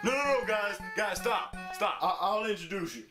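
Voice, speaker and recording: A man's voice: sits high, lively intonation, moderate pace, music in the background. A man doing Black Yoshi, a drawling laid-back dinosaur. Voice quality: drawling, says "folks" a lot. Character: laid-back slangy male dinosaur, carefree.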